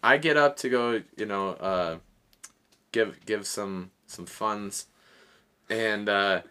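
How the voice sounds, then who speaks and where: A man's voice: fairly low pitch, takes it slowly, sharp tone, clear, resonant tone. A man in his thirties casually telling a long story, laughing often and swearing freely.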